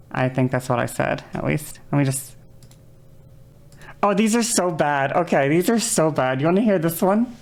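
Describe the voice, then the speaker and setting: Woman, live streamer, casual chat, low voice, vocal fry, excitable, repeats herself. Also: moderate pace.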